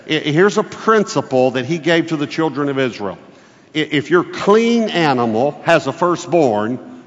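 A middle-aged man preaching a sermon as a guest speaker, folksy and emphatic, leaning hard on key words. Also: medium pitch. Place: church. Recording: muffled, echoey church hall.

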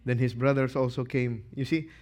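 A male pastor preaching a sermon, animated, questioning his congregation and acting out quotes. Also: mid-range voice, normal speed.

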